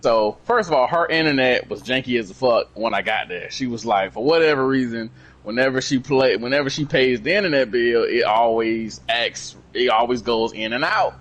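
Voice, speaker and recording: A man co-hosting a podcast, telling a story in a casual, swearing, animated way. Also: medium pitch, moderate pace. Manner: animated, swears freely, acts out quoted dialogue. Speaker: podcast co-host.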